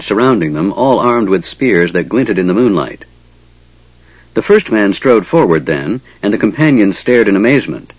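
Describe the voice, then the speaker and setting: Husky low-voiced male narrator. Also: no room sound, dull audio. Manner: measured, dramatic storytelling. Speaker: audiobook narrator. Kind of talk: scripted fantasy narration.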